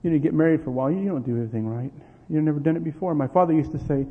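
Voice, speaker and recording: A man's voice: fairly high pitch, racing, few pauses, a little hiss or hum. A middle-aged man preaching and telling family stories, acting out the dialogue with bursts of energy. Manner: animated storyteller, acting out quoted dialogue, laughing. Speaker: pastor. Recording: tinny lo-fi with long hall reverb.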